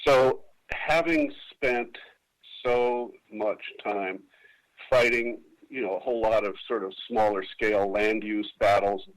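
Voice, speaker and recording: A man's voice: lowish voice, fairly even intonation, slow pace, rough recording. A man running for office, answering at length in a casual radio interview with many restarts and fillers. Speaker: political candidate. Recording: radio broadcast.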